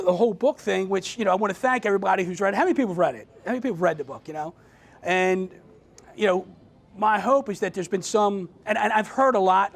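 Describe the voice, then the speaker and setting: A middle-aged man with a high-pitched, gravelly voice gives a motivational talk to a live group. He keeps it conversational, asks the audience questions and often stumbles into restarts. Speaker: author speaking to a group.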